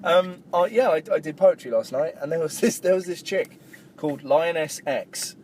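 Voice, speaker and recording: A man's voice: a little high, moderate pace. Teasing young Englishman chatting in a car. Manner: teasing, laughs often. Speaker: podcast co-host. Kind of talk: casual chat while driving. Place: inside a moving car. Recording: car with loud road noise. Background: road and engine noise.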